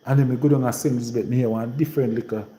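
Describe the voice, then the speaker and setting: Jamaican man, rural Trelawny patois accent, very dark mellow tone, rambling live-stream host. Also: mid-range voice, steady tone, racing, echoey room, low-quality recording. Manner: rambling and repetitive, in heavy patois. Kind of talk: casual live-stream monologue.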